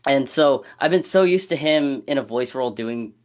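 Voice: medium pitch, animated, moderate pace. A podcast co-host in casual chat, hesitant, laughing often.

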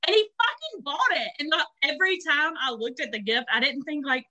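A young woman co-hosting a podcast, chatting casually and swearing freely as she tells animated stories with acted-out quotes. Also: high voice, a little fast, hardly any pauses. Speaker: podcast co-host. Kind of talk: casual chat.

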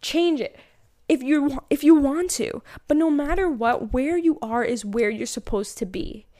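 A woman hosting a casual spiritual podcast, chatty and animated, often laughing as she tells stories. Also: high voice, moderate pace. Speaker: podcast host.

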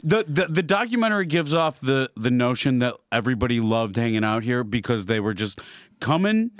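A man with a mid-pitched voice, dropping dry, wry remarks into a relaxed comedy chat. His tone stays level and plain. The sound is dry and close. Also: a little fast, no room sound. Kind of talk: casual comedy podcast chat.

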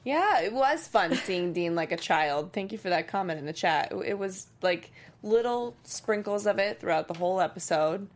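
A woman's voice: mid-range voice, expressive. A woman co-hosting a fan after-show, chatting casually and giving blunt opinions on the episode. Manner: opinionated, quick reactions.

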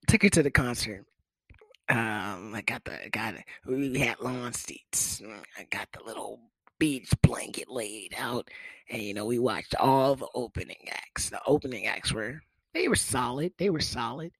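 Casting: young man, stand-up storyteller, lively swooping pitch, dry close sound, crude and animated. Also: measured pace, dry recording. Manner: profane, animated, jumps into high-pitched voices for quoted people. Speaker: comedian telling a story. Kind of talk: casual storytelling monologue.

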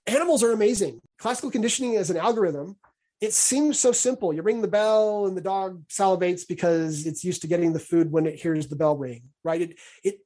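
A man's voice: high-pitched, darkish tone. A man hosting a podcast, explaining ideas in a casual discussion and often restarting and repeating words as he thinks aloud. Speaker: podcast host.

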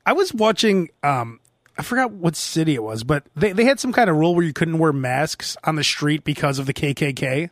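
A man's voice: a little high, lively intonation, a little fast, no echo, clean studio sound. A man, hosting a podcast in casual comedy banter, joking and putting on mock voices. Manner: jokey, puts on mock drawls. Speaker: podcast host.

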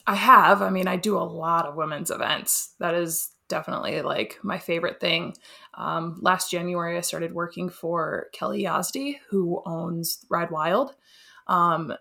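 Gravelly-voiced woman, chatty interview guest. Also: fairly low pitch, pushed and bright. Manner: enthusiastic, chatty, laughs often. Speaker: welder and artist guest. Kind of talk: casual interview chat.

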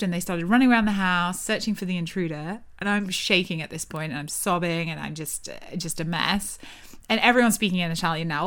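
A woman's voice: fairly low pitch, a bit bright, smooth. A young woman vividly retelling a personal story to her viewers, with breathless restarts.

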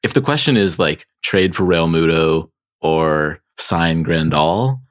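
Young guy cohost, low voice, kinda hesitant, lots of um and i guess. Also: animated, slow. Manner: hesitant, hedging with fillers. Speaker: podcast co-host. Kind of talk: casual chat.

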